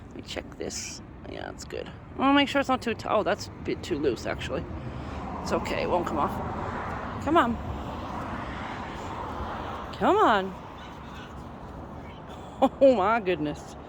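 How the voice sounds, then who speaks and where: A woman's voice: fairly low pitch, huge pitch swings, moderate pace, creaky, long pauses. A woman outdoors on a street, coaxing her pet along with affectionate, laughing casual talk. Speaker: vlogger walking her cat on a leash. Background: faint street and traffic noise.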